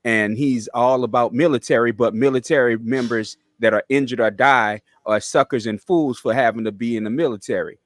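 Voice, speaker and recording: A man's voice: medium pitch, steady tone, fairly quick, few pauses, dry recording. A man co-hosting a podcast, ranting heatedly through a casual discussion. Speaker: podcast co-host. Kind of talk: casual chat.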